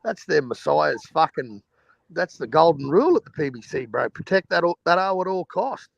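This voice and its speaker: A man's voice: a little high, very animated, moderate pace, vocal fry, no echo, highs cut off. A man on a boxing panel chat, talking emphatically and swearing freely as he makes his points. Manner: emphatic, swears freely, calls others bro. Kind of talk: heated online panel chat.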